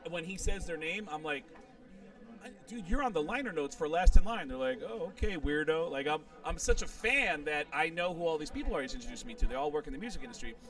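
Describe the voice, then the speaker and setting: A man's voice: a little high, far from the mic. A middle-aged male comedian, a guest telling a long profane anecdote in an interview, quoting other people as he goes. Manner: animated, profane, quotes people in their voices. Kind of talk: storytelling in a podcast interview.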